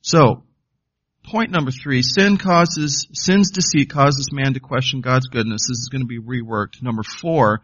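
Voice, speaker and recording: A man's voice: mid-range voice, a little slow, a bit bright, dry recording, dull audio. A man preaching a sermon as pastor, emphatic, often putting questions to the congregation.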